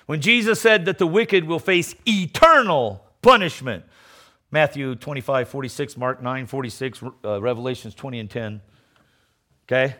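A middle-aged man preaching a sermon, emphatic, swinging between loud declarations and low mocking asides, often repeating words as he restarts. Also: normal speed.

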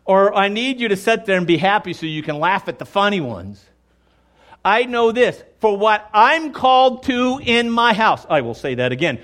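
This high-pitched, sing-song male voice moves at a normal speed and has a fairly bright tone. He's a pastor preaching emphatically to the congregation, addressing them directly and sometimes performing quoted dialogue in different voices.

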